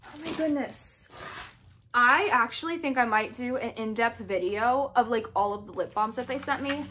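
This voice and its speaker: A woman's voice: a little high, fairly bright tone, slight background noise. A young woman opening fan mail in a casual vlog, gushing and breathless and saying "oh my gosh" again and again.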